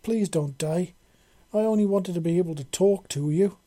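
A man's voice: sits high, normal speed, dark tone, voice pushed up. A man voicing a female alien insect queen, fierce yet kind, talking in earnest exclamations. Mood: panicked.

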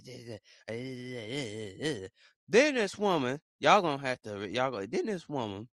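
A young man hosting a casual podcast, telling stories in an animated, slangy, excitable way. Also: a little high, no room sound, studio quality. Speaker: podcast host. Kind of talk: casual commentary.

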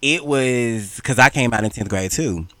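A man's voice: medium pitch, moderate pace, pushed and bright. A young man hosting a casual podcast, talking bluntly and animatedly and swearing freely. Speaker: podcast host. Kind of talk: casual chat.

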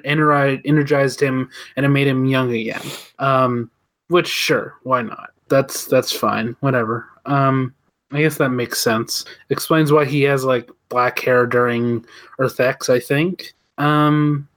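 A man's voice: medium pitch, fairly bright tone. A man co-hosting a podcast, giving wry, offhand opinions in a casual chat about TV episodes. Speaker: podcast co-host.

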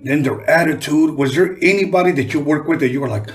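A man's voice: fairly high pitch, quick pace, slight background noise. A man hosting a casual interview who talks in a blunt, profane, chatty way. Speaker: interview host. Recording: voice set back from the mic.

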